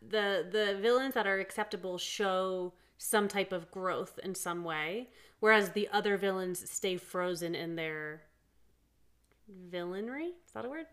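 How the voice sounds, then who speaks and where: A woman co-hosting a podcast in casual book chat. She thinks aloud in a wry, musing way and drops dry, teasing asides, at a middle pitch. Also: unhurried, a bit bright. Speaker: podcast co-host.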